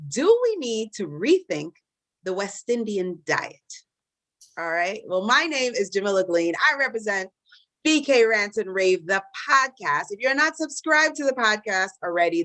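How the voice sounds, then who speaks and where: A chatty woman moderates a live podcast debate, speaking in a voice of middling pitch. Her delivery is casual and full of fillers and restarts, and she pokes fun at herself. The sound is dry and close. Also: a bit bright, dry recording. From Caribbean diaspora in the US. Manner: chatty, many fillers and restarts, self-deprecating.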